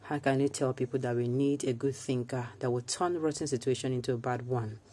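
A woman's voice: very deep voice, brisk, a little hiss or hum. A Nigerian woman hosting a news commentary show, reading out viewer comments and answering them with emphatic opinion, slipping into Pidgin. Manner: mixes Nigerian Pidgin into talk, animated and emphatic.

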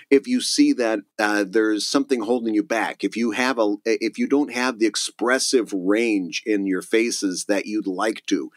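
A man's voice: on the low side, no room sound. A man co-hosting a casual podcast, giving emphatic advice and laughing often. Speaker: podcast co-host, cartoonist.

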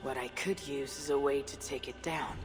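An actress voicing a tough Viking woman warrior in video game dialogue, steady and blunt. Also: rumbling low, normal speed. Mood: firm. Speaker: game protagonist. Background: game music.

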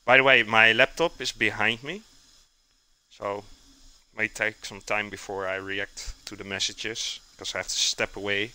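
Bright-voiced man chatting while he cooks. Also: on the low side, steady tone, unhurried, clean tone, low-quality recording. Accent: non-native English accent. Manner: rambling, answers chat messages as he cooks. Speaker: cooking streamer. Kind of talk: casual live-stream chat while cooking.

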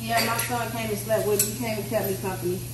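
A woman's voice: mid-range voice, steady tone, fast talker, heavy background noise. Candid woman venting in an echoey room. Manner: candid and venting, talking straight to viewers. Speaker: vlogger. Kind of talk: casual vlog chat. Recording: echoey room, mic at a distance.

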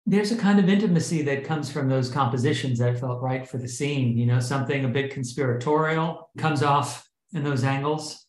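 Measured male director guest, thoughtful and unhurried, roomy echoey sound. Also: mid-range voice, darkish tone. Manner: measured, reflective, with pauses and restarts. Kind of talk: thoughtful interview answers.

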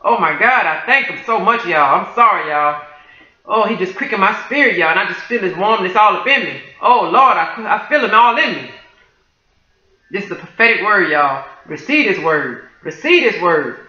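A woman's voice: medium pitch, animated, moderate pace, pushed and bright. A woman pours out praise and testimony to her online viewers with fervent exclamations. Her voice is tense and piercing. The home recording sounds dull and lo-fi in a reverberant room. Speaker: Christian video creator sharing a prophetic dream.

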